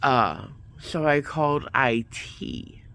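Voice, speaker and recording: A man's voice: medium pitch, expressive, slow, creaky, pushed and bright. A man vlogging casually, rambling through a story and acting out both sides of the conversations. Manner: rambling, retells events with quoted back-and-forth.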